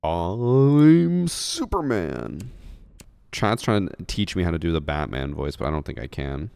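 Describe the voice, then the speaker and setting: A man's voice: extremely low pitch, fairly quick, vocal fry, clean tone, no room sound, studio quality. A man streaming a shooter game, talking in a laid-back, joking way with his co-player. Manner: laid-back, laughing, self-deprecating. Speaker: gaming streamer. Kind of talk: casual gameplay chat.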